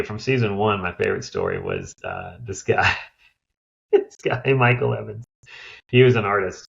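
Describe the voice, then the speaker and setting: Middle-aged guy with a gravelly, husky low voice telling stories in an interview, kinda dull lo-fi sound. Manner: animated storyteller who acts out others' voices. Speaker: guest, downsizing expert. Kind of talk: interview storytelling.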